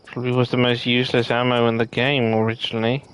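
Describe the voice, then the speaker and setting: A tired man streaming a live game review, reacting with excitement as he plays. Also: mid-range voice, fast, background noise. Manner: excited, talks to himself while playing. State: tired and sleepy.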